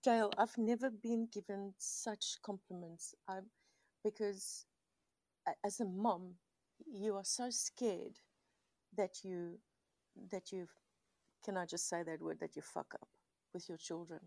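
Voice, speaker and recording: A woman and mother, tearful and halting, apologizing as she shares her feelings in an audio room. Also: mid-range voice, mellow, dry recording. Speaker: participant sharing in an audio room. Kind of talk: emotional personal sharing.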